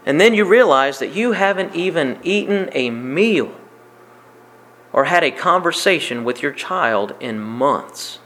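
A man with a notably high voice delivers a sermon. He drives points home by repeating them in earnest preaching cadence. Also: lively intonation, a little slow, a bit bright. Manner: preaching with emphatic repetition. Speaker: pastor.

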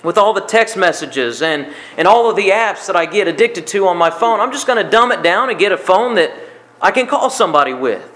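A man with a notably high voice delivers a sermon. He drives points home by repeating them in earnest preaching cadence. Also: expressive, a little fast, fairly bright tone. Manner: preaching with emphatic repetition. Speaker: pastor.

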